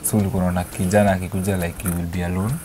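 A young Kenyan man, an expectant father, chatting excitedly and affectionately in a casual family vlog. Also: deep voice, rapid-fire. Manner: excited, affectionate, mixing English and Swahili. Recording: noisy home video.

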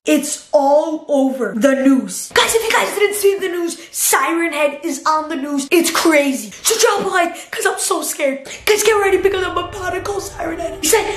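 A woman's voice: very high voice, normal speed, few pauses, background noise. A young female YouTuber hyping merch and gasping dramatically through a prank phone call. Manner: excitable, breathless, gasping, dramatic. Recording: echoey room with clear music.

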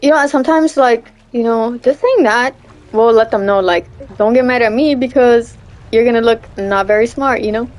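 A young woman chats through a gameplay stream in a slightly high voice. She tells rambling stories and breaks into loud, startled outbursts. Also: moderate pace. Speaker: gaming streamer. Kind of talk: casual gameplay commentary.

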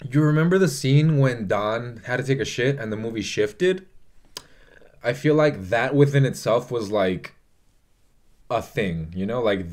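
A man's voice: lowish voice, a little mellow. Emotionele jonge man die vloekend over een film praat. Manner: emotional, swears often, rambles with fillers. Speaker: vlogger. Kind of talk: casual movie review.

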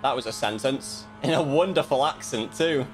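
Guy chatting through his sim race, kinda self-critical, normal pitch, a bit of music in the back. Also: moderate pace. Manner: self-critical, muttering asides. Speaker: sim racing streamer. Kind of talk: casual commentary while racing.

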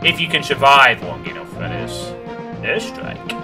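A man's voice: medium pitch, very animated, brisk. A man streaming a video game, thinking aloud about his moves and reacting with swearing and groans. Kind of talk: let's play commentary. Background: game music.

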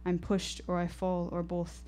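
Woman storyteller, lowish voice, intense and rhythmic, live stage telling. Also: monotone, measured pace, warm tone. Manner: intense, poetic, rhythmic delivery. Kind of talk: live first-person storytelling performance.

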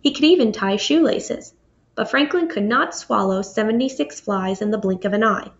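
A woman reading a children's picture book aloud with expressive delivery, pausing to ask her young listeners questions. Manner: expressive, asks listeners questions, raises pitch for characters' lines. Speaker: storybook reader. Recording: dull lo-fi audio.

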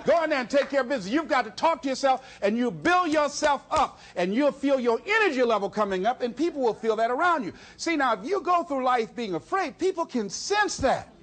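A man's voice: very high-pitched, a little fast, few pauses. A man giving a motivational speech, telling stories with lots of energy and laughing often. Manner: animated storytelling, laughs often, talks to himself in acted quotes. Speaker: motivational speaker.

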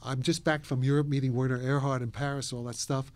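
A man's voice: medium pitch, fast. A man of about eighty from New York, an interview guest telling long, rambling stories with frequent laughs and restarts. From New York, USA. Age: around 80. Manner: animated, laughs often, trails off and restarts.

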